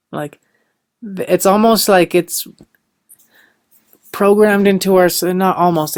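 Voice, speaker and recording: A man's voice: fairly high pitch, clean tone, dry recording, clean studio sound. A young man hosting a podcast, giving an earnest, upbeat motivational monologue full of "like" and "you know.". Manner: loose and rambling, with lots of "like" and "you know". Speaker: podcast host.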